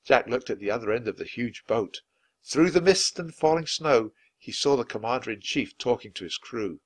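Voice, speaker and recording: A man narrating a children's chapter book in a clear, measured read-aloud style. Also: medium pitch, animated. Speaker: storybook reader.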